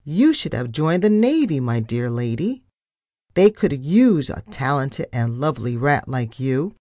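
A woman doing a crisp, pompous rat captain. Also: extremely low pitch, big pitch swings, a little slow, warm tone, no echo, clean studio sound, heavily acted. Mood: gushing. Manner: crisp, formal, gallant. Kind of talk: storybook reading.

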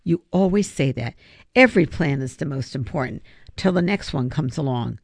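In an audiobook, a reader voices a young boy who anxiously and reluctantly refuses his friend. The voice is medium in pitch, expressive and moderately paced, in a dry recording.

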